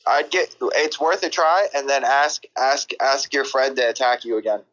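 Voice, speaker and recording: A man chatting casually on a game stream, excitable and tripping over his words. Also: mid-range voice, moderate pace. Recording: dull lo-fi voice chat audio.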